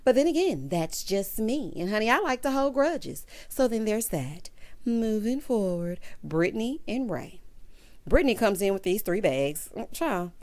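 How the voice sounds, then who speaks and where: A woman talks through a reality show recap in a sassy, chatty way. Her pitch swings all over the place as she acts out what the cast said. She keeps calling her listeners honey and child. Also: measured pace. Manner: sassy, animated, calls listeners honey and child, breaks into laughs. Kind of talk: casual chatty recap commentary.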